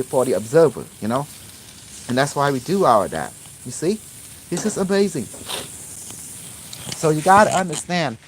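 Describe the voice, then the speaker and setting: A man's voice: a little high, a bit bright, a little hiss or hum. A man giving a rambling, informal spiritual lecture in broken English, repeating himself emphatically. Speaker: spiritual teacher.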